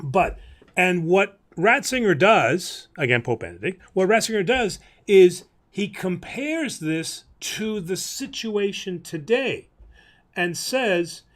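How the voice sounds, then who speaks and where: A man's voice: sits high, very animated, slow pace, fairly bright tone. A man, a priest hosting a livestream, teaching in a chatty way with many fillers and easy laughs.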